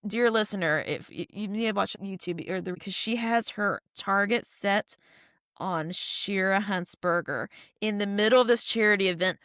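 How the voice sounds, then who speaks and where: A woman's voice: medium pitch, normal speed, fairly bright tone, no room sound. A woman hosting a show, chatting casually and acting out quoted lines as she retells episodes. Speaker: podcast host. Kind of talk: casual chat recapping episodes.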